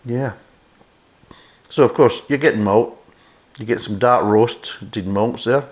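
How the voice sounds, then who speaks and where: A man's voice: mid-range voice, takes it slowly. A Scottish man reviewing a beer in casual chat, sarcastic and blunt, reading the label aloud and mocking it. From Scotland.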